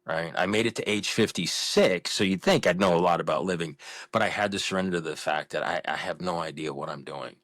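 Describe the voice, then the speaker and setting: A man's voice: sits low, brisk, fairly bright tone, no echo. A man in his fifties, a podcast guest, speaking frankly and with self-deprecation in a candid interview conversation. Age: 50s.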